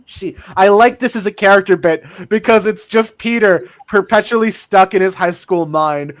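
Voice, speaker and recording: A man on a casual podcast, animated and laughing as he talks about comics. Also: high voice, moderate pace, few pauses, no echo. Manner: laughing, animated, swears freely. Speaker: podcast co-host.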